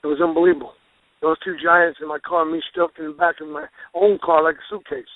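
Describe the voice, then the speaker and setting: A man who is a pro wrestler, a guest telling rambling, animated stories with restarts and folksy exclamations. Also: a little high, quick pace, dry recording. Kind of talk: storytelling interview. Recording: phone line, dry.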